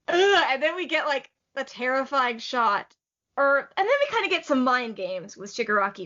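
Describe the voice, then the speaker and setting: A woman's voice: fairly high pitch, expressive, fairly bright tone. A woman co-hosting a podcast, recapping a manga chapter in a chatty, enthusiastic way with lots of "like" fillers. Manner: chatty and enthusiastic, many "like" fillers, quick laughs. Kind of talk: casual chat. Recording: slightly muffled lo-fi audio.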